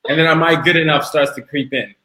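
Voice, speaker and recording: A man's voice: fairly high pitch, fairly even intonation, a little fast, bright, forceful tone, roomy sound, poor audio. A man hosting a podcast interview, enthusiastic, often repeating words as he restarts his sentences. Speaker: podcast host.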